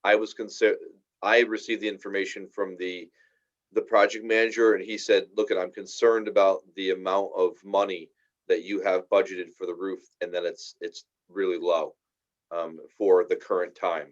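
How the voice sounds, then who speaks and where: A man's voice: deep voice, little pitch movement, normal speed. A man explaining a school project's timeline to a town finance board, talking at length with many fillers. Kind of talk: public meeting discussion. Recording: dull lo-fi meeting audio.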